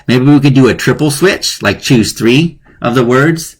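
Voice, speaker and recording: A man's voice: medium pitch, lively intonation, unhurried, few pauses, slightly rough. Playful man teaching a live lesson. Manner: playful, chatty, chuckles at his own jokes. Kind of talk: casual live-streamed lesson.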